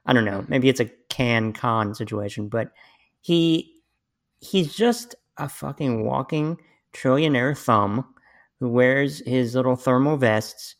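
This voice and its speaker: A man hosting a casual podcast, talking at a middling pitch. He rambles loosely, restarts his sentences and swears without a second thought. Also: takes it slowly. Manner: profane, rambling, frequent restarts. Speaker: podcast host. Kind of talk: casual chat.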